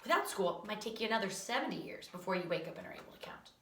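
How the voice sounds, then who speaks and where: A woman's voice: medium pitch, sing-song, racing, sharp tone. A woman as a patient, quirky schoolteacher. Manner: patient, matter-of-fact. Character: calm, odd female schoolteacher. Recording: roomy echo, distant from mic.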